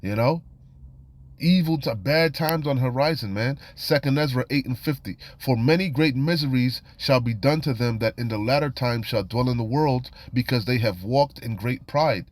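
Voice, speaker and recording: A man's voice: mid-range voice, normal speed. A man teaching from scripture in a casual, streetwise way, reading verses aloud and commenting with frequent "you know" and "man". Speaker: preacher.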